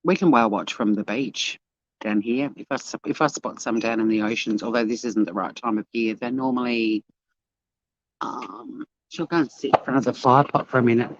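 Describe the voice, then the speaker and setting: Here a brisk Australian woman with a very deep voice chats to her live-stream audience at a beachside cafe, bubbly, talkative, and addressing chat as she walks. The dull lo-fi phone recording has no echo.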